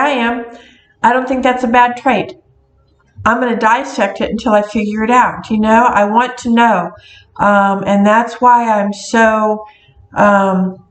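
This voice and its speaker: A middle-aged woman, a witch who runs a metaphysical shop, talking casually in a rambling way with many ums and restarts. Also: medium pitch. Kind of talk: casual talking-to-camera vlog. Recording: echoey room.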